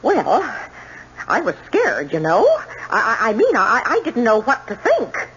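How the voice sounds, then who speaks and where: A stammering nervous witness. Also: female voice, fairly high pitch, wildly swooping pitch, unhurried, a bit bright, slight background noise, heavily acted. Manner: stammering, hesitant. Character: nervous young woman witness on the stand. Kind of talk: 1970s radio drama acting. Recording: dull old radio broadcast.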